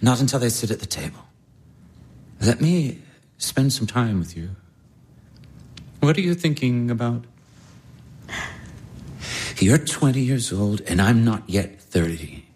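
A man's voice: mid-range voice, animated, measured pace, pauses often, darkish tone, breathy edge. An actor in his late twenties playing an earnest young baron, speaking tenderly and with longing. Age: late 20s. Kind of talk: stage drama acting.

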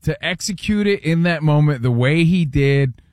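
A man co-hosting a sports radio show, with a voice that swings widely in pitch. He sounds close and dry in the studio and argues his points with lively energy. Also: normal speed, no room sound. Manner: lively, argumentative.

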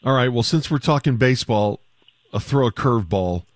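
A male sports radio host talks in a relaxed, joking way. His voice sits in a middle pitch and is recorded dry and close on a studio mic. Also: brisk, dry recording.

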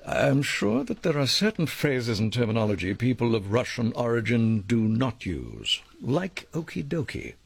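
A man's voice: mid-range voice, wildly swooping pitch, normal speed, vocal fry, few pauses, husky, no room sound, full character voice. An actor playing a commanding male ringleader who lays out a plan in clipped, bossy, formal phrasing. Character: commanding male ringleader planning a sting, dry, precise.

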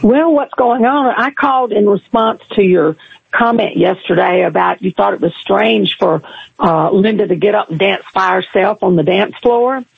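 A woman with a Southern American accent calls in to a radio show, friendly and emphatic. Her voice is husky with a gravelly edge. It comes through a dull, muffled phone line. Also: mid-range voice, normal speed, no echo. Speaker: caller.

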